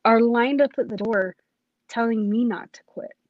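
A woman's voice: on the high side, moderate pace, lo-fi sound. A woman, a police academy cadet, tells her personal testimony in an earnest, emotional way, often restarting her sentences.

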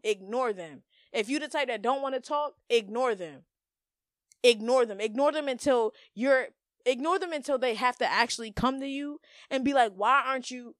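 A woman's voice: fairly high pitch, normal speed, dry recording, studio quality. A young woman hosting a podcast, giving blunt, profane, emphatic advice in slangy casual talk. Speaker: podcast host. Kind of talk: casual monologue.

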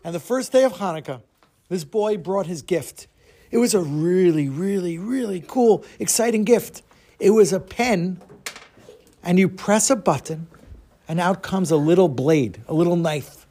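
A man telling a story to a group of children, expressive, with dramatic pauses. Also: sits high, husky.

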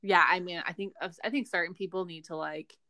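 A woman's voice: on the low side, steady tone, fairly quick, bright, forceful tone, no echo, clean studio sound. Easygoing young woman agreeing along. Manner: agreeable, backchannels with mm-hmm, casual. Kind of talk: casual gossip chat.

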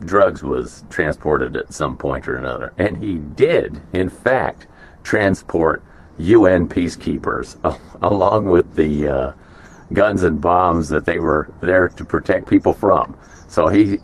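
A man and former prison officer telling stories casually, rambling with many fillers and restarts. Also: sits low. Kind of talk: casual storytelling.

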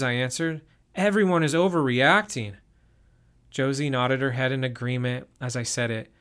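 A young man narrating a first-person camping story in a calm, measured way. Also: a little high.

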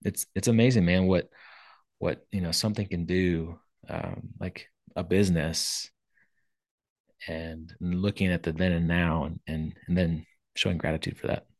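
A man's voice: sits low, fairly even intonation, moderate pace, a little mellow, no echo, clean studio sound. A man co-hosting a podcast, sharing in a laid-back, reflective and grateful casual chat. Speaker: podcast co-host.

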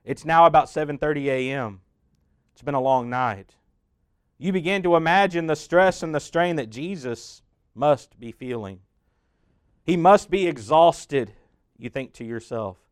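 A man narrating a sermon in a raised, fairly high register, his voice smooth and clear. He talks straight to the listener as "you", building to loud peaks and sinking to hushed lows. The sound is dry and close. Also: measured pace, no room sound. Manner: addresses the listener as "you", swelling loud then dropping hushed. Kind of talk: dramatic guided sermon narration.

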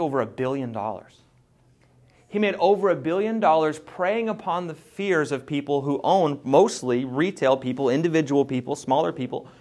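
A man preaching a sermon in an animated, conversational way, acting out voices as he teaches. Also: medium pitch. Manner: animated, mimics voices, laughs.

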